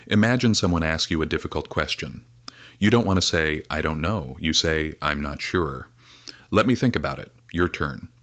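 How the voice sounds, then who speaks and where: A man teaching spoken English, leading slow, clear shadowing drills with many repetitions. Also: sits low, fairly bright tone, no room sound. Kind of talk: scripted lesson narration.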